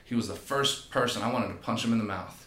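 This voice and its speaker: A man, a podcast guest and personal trainer, telling stories in a casual, animated way and acting out quotes. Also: on the low side, fast. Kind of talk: casual storytelling. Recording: echoey room.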